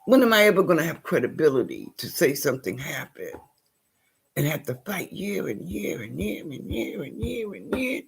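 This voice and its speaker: A woman speaks straight to her viewers in a very raspy voice, her pitch rising and falling widely. She repeats phrases for emphasis and shifts between loud outbursts and near-whispers. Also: sing-song, moderate pace. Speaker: vlogger. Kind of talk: impassioned personal vlog monologue.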